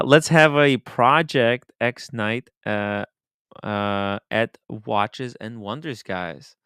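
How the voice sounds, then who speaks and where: A man hosting a casual livestream chat, his voice bright and crisp. He is animated, laughs a lot and drifts into quiet mumbles. The sound is close and dry. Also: on the low side, no echo. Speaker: host.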